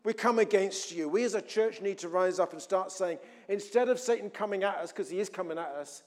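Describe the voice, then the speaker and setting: A man preaching a sermon, telling a scripture story with animated acted-out voices. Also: high-pitched, a little fast. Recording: long hall reverb.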